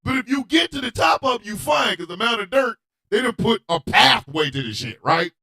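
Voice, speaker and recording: A man hosting a radio show, telling a comedic story in a loud, animated, profane way and often shouting. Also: very high-pitched, a little fast, creaky.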